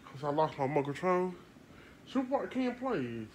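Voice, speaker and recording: A woman's voice: low voice, big pitch swings, normal speed, a little mellow, slight background noise. A woman vlogging at home into a phone camera, chatting casually to her viewers and sounding congested from sinus trouble. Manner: chatty, talks to viewers as y'all. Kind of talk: casual vlog chat to viewers.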